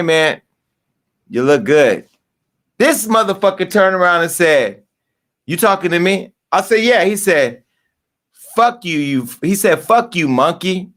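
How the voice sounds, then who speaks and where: Brash, high-voiced male gossip host. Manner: brash, profane, storytelling with loud asides. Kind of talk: casual gossip show monologue.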